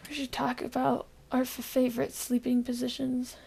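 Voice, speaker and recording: Casting: woman podcast co-host, a little high-pitched with a gravelly fry, tired deadpan delivery, rambling with fillers. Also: moderate pace. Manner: rambling with frequent fillers and laughs. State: recovering from illness. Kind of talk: casual podcast chat.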